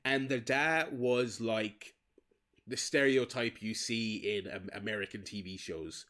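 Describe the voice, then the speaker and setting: A man's voice: fairly low pitch, a little slow, fairly bright tone. A man from Limerick with an Irish accent, chatting casually while livestreaming a game, rambling, swearing freely and stumbling over restarts. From Limerick, Ireland. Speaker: streamer.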